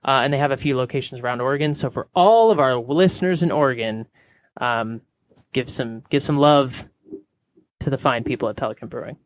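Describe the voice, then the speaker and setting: A man's voice: medium pitch, brisk, dry recording. A man co-hosting a podcast, chatting casually and jokingly with many fillers. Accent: American. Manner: jokey, hesitant with many fillers. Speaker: podcast co-host. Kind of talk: casual chat.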